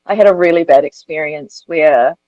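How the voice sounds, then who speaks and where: Actress w a lowish voice, frank and lively, dull dry clip with hum in it. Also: female voice, normal speed, dry recording. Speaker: actor interviewed in a film. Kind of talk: candid interview storytelling.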